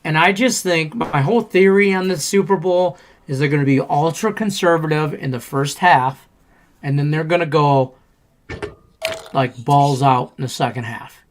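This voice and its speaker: A man co-hosting a casual sports betting podcast, rambling and profane as he tells animated stories. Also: a little high, normal speed, slight background noise. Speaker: podcast co-host.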